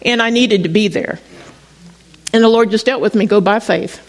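A woman's voice: mid-range voice, moderate pace, low-quality recording. A middle-aged woman pastor preaching in a chatty storytelling way, often restarting her sentences. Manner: conversational storytelling with frequent restarts. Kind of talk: sermon.

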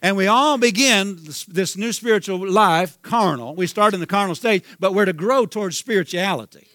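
A man's voice: high voice, normal speed, fairly bright tone, no room sound, clean studio sound. A man preaching a sermon with a Southern US accent, fervent and repetitive, calling out hallelujah. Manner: fervent, repeats himself, calls out hallelujah.

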